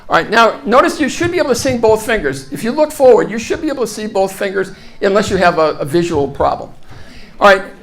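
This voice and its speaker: A man's voice: high-pitched, expressive, fast. A man giving a live motivational talk, energetically guiding the audience through an exercise and often repeating his phrases. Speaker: speaker leading an audience exercise.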